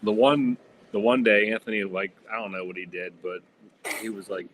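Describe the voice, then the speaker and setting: A man's voice: lowish voice, steady tone, normal speed, fairly bright tone, slight background noise. A man co-hosting a casual chat, rambling with lots of fillers.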